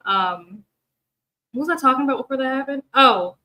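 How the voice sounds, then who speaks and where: Tired, chatty young woman, high voice. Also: moderate pace, sharp tone, poor audio. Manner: rambling and chatty, laughs often, many fillers. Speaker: booktube host of reading sprints. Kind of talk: casual livestream chat to viewers.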